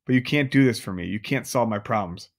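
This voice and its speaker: A man voicing a gentle, worried mother who speaks softly and pleadingly. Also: lowish voice, brisk. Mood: anxious.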